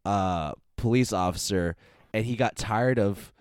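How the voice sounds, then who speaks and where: A man's voice: lowish voice, measured pace, clean tone, dry recording, studio quality. A man co-hosting a podcast, rambling through stories and laughing often. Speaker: podcast co-host. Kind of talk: casual chat.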